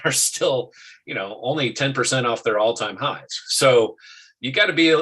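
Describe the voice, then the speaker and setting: A man hosting a casual market talk show, animated and quick to restart his sentences. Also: mid-range voice, breathy edge, low-quality recording.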